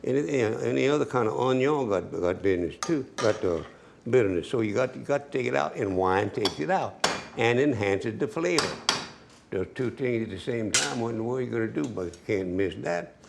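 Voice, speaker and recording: A man's voice: mid-range voice, animated, moderate pace, gravelly, background noise. A man giving a cooking demonstration as a home cook, folksy and chatty, talking straight to the viewer.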